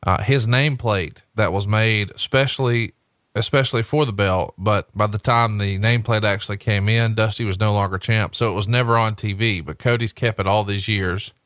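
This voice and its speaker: A man's voice: on the low side, steady tone, moderate pace, a bit bright, dry recording, studio quality. A man hosting a casual podcast, enthusiastic and full of "like" and "I mean". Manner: enthusiastic, listing things, filler "like".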